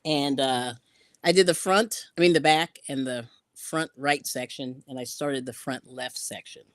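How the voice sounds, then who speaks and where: A woman's voice: rumbling low, fairly even intonation, measured pace, dry recording, clean studio sound. A woman hosting a casual craft live stream, chatting and laughing often as she reads out viewer comments while sewing in yarn ends.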